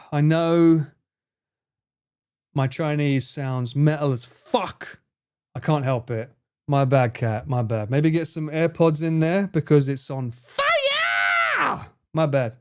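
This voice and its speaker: A man's voice: a little high, slow pace, long pauses, warm tone, smooth. A man streaming live, chatting casually with his viewers, swearing freely and laughing a lot as he answers chat.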